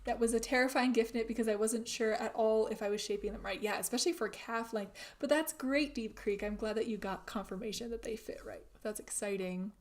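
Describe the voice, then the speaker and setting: A woman's voice: a little high, steady tone, a little fast, few pauses. A woman hosting a casual craft livestream, chatting easily as she reads out viewer comments and tends to trail off mid-thought. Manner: chatty, warm-hearted, trails off and restarts. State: out of breath. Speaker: livestream host.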